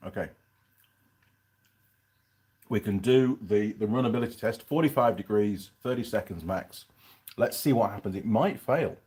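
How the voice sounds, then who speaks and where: A man's voice: fairly low pitch, dark tone. Chatty man reviewing a pie while eating. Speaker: channel host reviewing pies on a live stream. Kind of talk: casual live-stream chat.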